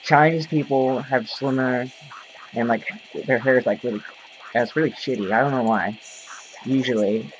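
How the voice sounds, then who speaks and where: A man's voice: mid-range voice, normal speed, long pauses, a little hiss or hum, poor audio. A man talking straight to his camera in a casual rant, rambling and profane, full of fillers. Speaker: vlogger. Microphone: camera mic.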